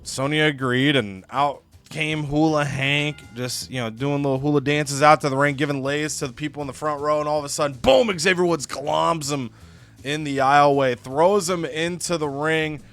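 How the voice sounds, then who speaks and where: A man's voice: on the high side, moderate pace, faint music behind. Man animatedly recapping a game. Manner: animated retelling, full of "you know" and "like". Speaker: let's-play co-host. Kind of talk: casual game recap storytelling.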